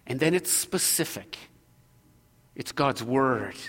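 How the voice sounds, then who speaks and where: A man preaching a sermon as pastor, earnest, moving between loud exhortation and hushed prayer. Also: mid-range voice, expressive, slow pace, long reverb tail.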